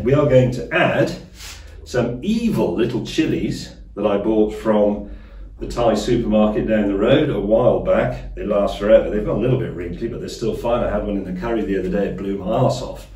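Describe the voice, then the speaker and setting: A middle-aged man hosts a cooking show alone in a small underground kitchen, his dry asides landing in a low, mellow voice. He is picked up by phone and tablet cameras set across the room, so he sounds far off and the space rings around him. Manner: deadpan, self-mocking asides, slow deliberate pauses. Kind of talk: dry, wry solo cooking chat. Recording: echoey room, mic at a distance.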